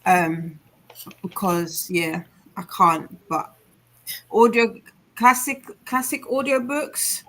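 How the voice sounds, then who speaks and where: A woman's voice: mid-range voice, lively intonation, takes it slowly, fairly bright tone. A woman chatting casually about audiobooks on a book club livestream, rambling and searching for words. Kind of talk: casual chat.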